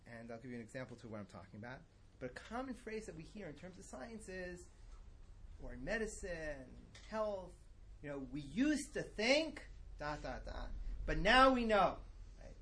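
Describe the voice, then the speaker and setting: A man's voice: medium pitch, slight background noise. A middle-aged man giving a religious lesson in a conversational, digressive and emphatic way. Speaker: religious teacher. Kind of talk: lecture-style lesson.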